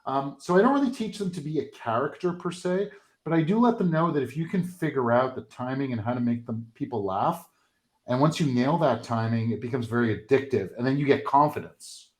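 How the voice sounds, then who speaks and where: A man who works as a comedian and sales coach talks as a guest, easing into stories with plenty of ums and likes. His voice sits at an ordinary middle pitch. He sounds relaxed and conversational. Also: a little fast. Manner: storytelling, filler-heavy, relaxed. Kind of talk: casual conversation.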